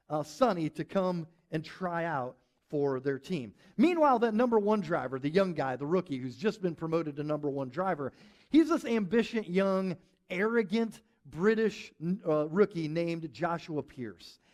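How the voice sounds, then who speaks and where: A male pastor with a high voice delivers a sermon to a live church congregation. He tells a story in an animated way and slips into the voices of the people he quotes. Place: church service with live audience.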